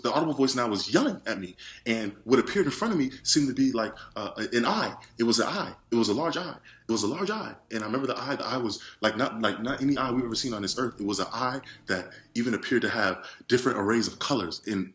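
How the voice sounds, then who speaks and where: Fast-talking man telling a frightening testimony. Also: mid-range voice, fairly bright tone. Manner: frantic, rambling, many restarts and repeated words. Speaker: witness giving a testimony. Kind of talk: personal testimony monologue.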